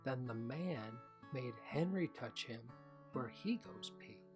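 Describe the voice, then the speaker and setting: A man's voice: medium pitch, animated, slow pace, music in the background. A man voicing a nervous young boy. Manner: hesitant, nervous. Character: worried young boy confiding in his parents.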